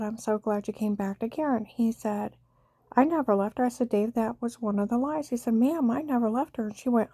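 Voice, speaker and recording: A woman's voice: a little high, mellow, no echo. An older woman rambling through a personal story, retelling old conversations with many repeats of "I said". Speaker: vlogger telling a personal story.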